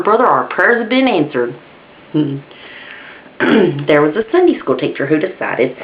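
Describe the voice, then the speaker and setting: A woman telling jokes in a folksy, casual way and chuckling at her own punchlines. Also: low-pitched. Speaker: joke teller. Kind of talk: casual joke telling to camera. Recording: dull lo-fi home video with faint hiss.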